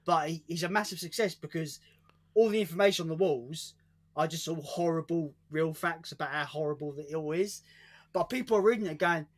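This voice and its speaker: Speaking a little fast in a higher-leaning voice, a British man co-hosts a stream in casual chat. His words come out tangled and repeated, sprinkled with swearing, and he laughs in the middle of telling a story.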